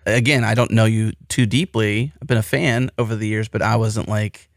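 A man's voice: on the low side, steady tone, normal speed, dry recording, clean studio sound. A man with an American accent hosting a podcast, talking in an enthusiastic, rambling way. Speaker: podcast host. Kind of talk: casual podcast chat.

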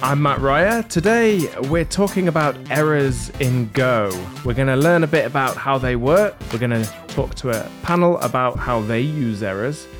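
Guy hosting a podcast, jokey and rambling, pokes fun at himself, mid pitch. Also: animated, normal speed, hardly any pauses, over music. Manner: jokey, rambling, self-deprecating. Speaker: podcast host. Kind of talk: casual panel chat. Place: London.

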